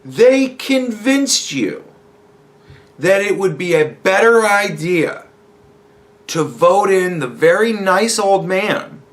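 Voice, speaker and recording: A man's voice: high voice, animated, takes it slowly. Profane, sarcastic man ranting. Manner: profane, sarcastic, mocking impressions. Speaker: podcast host. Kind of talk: casual political rant.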